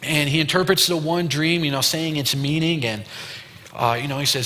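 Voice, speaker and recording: A young man preaches to teens in a relaxed, chatty way, acting out bits of dialogue with plenty of "you know" and "like". His voice is bright and forceful. It rings out with a long reverb, as if in a big church hall. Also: fairly high pitch, moderate pace. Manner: retells a story with loose quoted dialogue and fillers. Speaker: youth pastor. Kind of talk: casual youth sermon storytelling. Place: church youth room.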